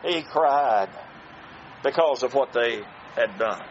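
A man preaching a sermon to his congregation, slow and emphatic, with dramatic pauses. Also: medium pitch, expressive, dull audio, a little hiss or hum.

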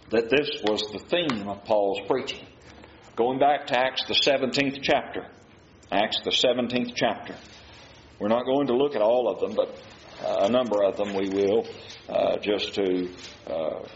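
A man preaching a sermon, reading scripture aloud and asking his listeners rhetorical questions. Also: on the low side. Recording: muffled, roomy recording with faint hiss.

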